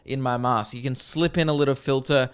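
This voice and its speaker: Brisk and steady, the medium-pitched voice of an Australian man comes through cleanly as he hosts his podcast. He jokes and chats his way through funny stories, addressing listeners straight into a close microphone.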